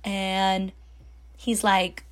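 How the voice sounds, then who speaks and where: A young woman telling a story in a casual, chatty way, full of fillers and animated when she quotes people. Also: mid-range voice, extremely slow. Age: young adult. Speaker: storytime host.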